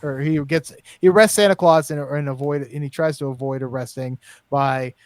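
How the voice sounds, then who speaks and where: A man's voice: medium pitch, fairly even intonation, moderate pace, dry recording. A man co-hosting a podcast in casual chat, rambling and searching for words with lots of fillers. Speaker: podcast co-host.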